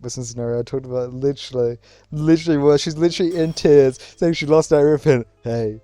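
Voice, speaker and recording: A man's voice: mid-range voice, quick pace, dark tone, no echo, soft background music. A man streaming a game, making sarcastic, profane commentary. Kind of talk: gameplay commentary.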